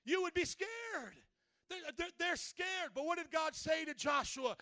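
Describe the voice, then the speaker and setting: A man with a very high voice preaches an animated sermon. He acts out Bible stories with shouted lines, then drops low and quiet to tell a story. The sound is dry and close. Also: unhurried, no echo. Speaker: pastor.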